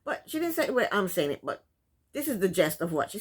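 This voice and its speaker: A woman's voice: medium pitch, very animated, quick pace, breathy edge. Sassy chatty woman recapping a show. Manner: chatty, laughs often, sassy. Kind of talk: casual recap chat.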